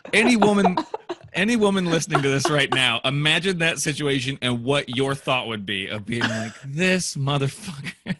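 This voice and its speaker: A man in casual conversation who chimes in with quick jokes and laughs with his friend. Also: medium pitch, pushed and bright, slight background noise. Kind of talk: casual chat.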